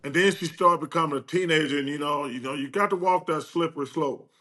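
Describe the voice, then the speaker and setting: An older man telling stories as a guest in a casual chat, acting out quoted dialogue with lively energy. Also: a little high, fast talker. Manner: animated, acts out quoted dialogue.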